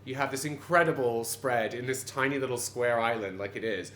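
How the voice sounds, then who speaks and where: A man with a Quebecois-Canadian accent talks at the bar of an old pub, animated and digressive, full of restarts. His voice sits in the middle range, and it rings around a roomy space with faint pub ambience behind it. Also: medium pitch, fairly quick, a little hiss or hum. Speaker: pub landlord. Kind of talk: conversational interview.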